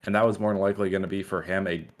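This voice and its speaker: Man, podcast co-host, low-pitched, animated storytelling, swears. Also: racing. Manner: animated recounting of fights, swearing. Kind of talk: casual MMA chat.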